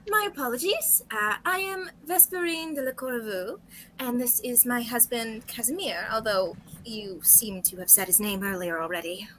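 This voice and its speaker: A woman's voice: on the high side, normal speed, fairly bright tone, slight background noise, natural voice, rough recording. Woman playing a prim aristocratic lady. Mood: poised. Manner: prim and formal. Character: poised aristocratic lady, wry and polite. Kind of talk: tabletop role-play.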